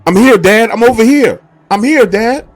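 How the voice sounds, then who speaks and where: A man's voice: on the high side, expressive, moderate pace, no echo. A man voicing his thirteen-year-old self, frantic and pleading. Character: scared young boy of thirteen, shouting.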